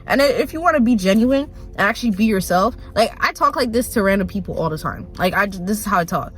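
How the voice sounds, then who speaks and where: A young woman ranting casually into her phone, rambling with lots of "like", quick laughs and mock voices. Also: mid-range voice, expressive, soft background music. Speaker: vlogger. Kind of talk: casual rant to camera.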